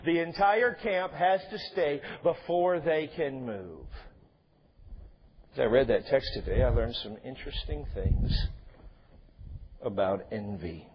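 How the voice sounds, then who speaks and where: A man's voice: mid-range voice, lively intonation, slow pace, long pauses, lo-fi sound, slight background noise. A male pastor preaching a sermon in a conversational way, with joking asides to the congregation. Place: church sanctuary.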